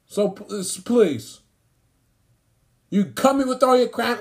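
In a very high-pitched, animated voice, a sports commentator rants at a slow pace. His angry sports tirade is indignant and emphatic, with phrases repeated to hammer each point.

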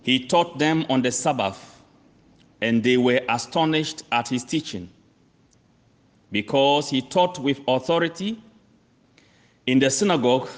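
A man preaching a sermon, reading scripture slowly and repeating key phrases for emphasis, calling his listeners friends. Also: mid-range voice. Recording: long reverb of a large hall.

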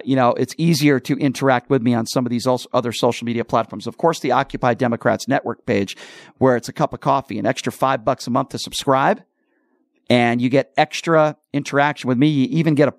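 A man's voice: medium pitch, gravelly, no room sound. Guy ranting on his radio show, repeats himself a lot, dry close mic. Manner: emphatic, ranting, repeats points. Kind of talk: opinionated talk radio monologue.

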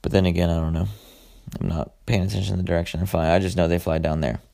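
Young male podcast host, deep gravelly voice, loose and foul-mouthed, lots of ums. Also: little pitch movement, fast, warm tone. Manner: rambling, profane, frequent filler words. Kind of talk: casual solo podcast monologue.

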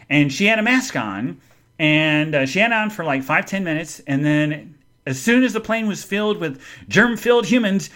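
A man hosting a live podcast, telling a story in an animated way, speaking straight to his listeners and answering chat comments. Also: high voice. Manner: animated, addresses the audience directly. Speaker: podcast host.

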